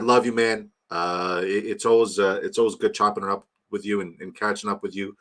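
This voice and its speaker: A young man hosts a live fantasy football draft stream, chatting loosely with his viewers. He rambles, jokes and shouts out fans by name. His voice sits a bit low but sounds bright and forward. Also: little pitch movement, moderate pace, few pauses. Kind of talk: casual live-stream chat.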